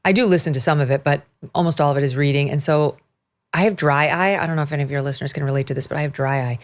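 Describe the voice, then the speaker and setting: Low-voiced middle-aged woman, guest on a podcast, chatty and candid. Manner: candid, animated, quick laughs. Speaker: interview guest. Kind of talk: casual conversational interview.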